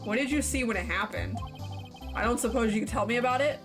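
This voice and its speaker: A woman's voice: fairly high pitch, quick pace. A woman streamer playing a game and commenting casually and playfully, reading the dialogue aloud. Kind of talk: casual let's-play commentary. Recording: game music behind.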